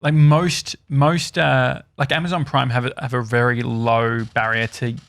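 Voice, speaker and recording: A man's voice: mid-range voice, little pitch movement, measured pace, vocal fry, fairly bright tone, no room sound, studio quality. An Australian man hosting a podcast, telling rambling stories in casual chat with plenty of hesitations. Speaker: podcast host.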